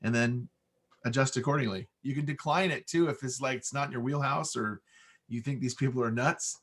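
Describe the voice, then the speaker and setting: A relaxed American man with an unforced, guy-next-door way of talking. He chats easily in an interview, explaining his trade at a middle pitch. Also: brisk, husky. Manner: relaxed, conversational, easy-going. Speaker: voice-over artist. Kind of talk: casual interview talk.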